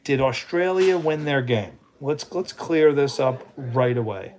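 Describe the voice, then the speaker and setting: A man hosting a casual livestream, excitable and playful, keeps calling on his sidekick. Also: medium pitch, measured pace, a little hiss or hum. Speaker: livestream host.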